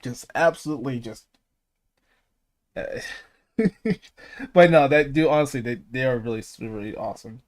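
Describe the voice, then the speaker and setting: A male streamer chats casually on his podcast in a mid-pitched voice. He rambles, laughs often and swears freely, tripping over his words as he restarts sentences. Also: unhurried, pauses often.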